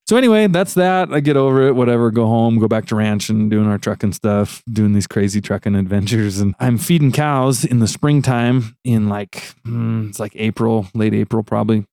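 A man's voice: on the low side, normal speed, hardly any pauses, dry recording, clean studio sound. A man telling a long story in casual chat on a podcast, laughing often and acting out what people said. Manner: animated, laughs often, acts out quotes.

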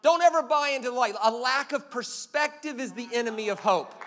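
A man's voice: extremely high pitch, a little fast, fairly bright tone, big-room sound, a little hiss or hum. A man preaching a sermon as a pastor, emphatic and punchy, telling stories with jokes.

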